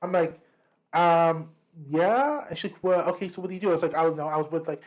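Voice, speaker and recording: A man co-hosting a podcast, telling a story in casual chat, lively and profane, acting out what people said. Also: on the high side, brisk, rough recording. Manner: animated, profane, acts out quotes. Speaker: podcast co-host.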